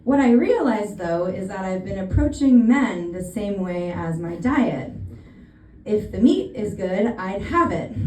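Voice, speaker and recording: A woman's voice: sits high, darkish tone, slight background noise. A woman in her thirties from California with an American accent, doing a stand-up comedy set with dry, self-deprecating punchlines. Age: 30s. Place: comedy venue on stage. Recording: echoey room from far off.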